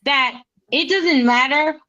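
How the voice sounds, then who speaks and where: Woman cohost, blunt and cussing, lively, kinda muffled audio. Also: high voice, slow. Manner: blunt, animated, swears freely. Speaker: podcast co-host. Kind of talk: casual group chat. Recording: dull lo-fi sound.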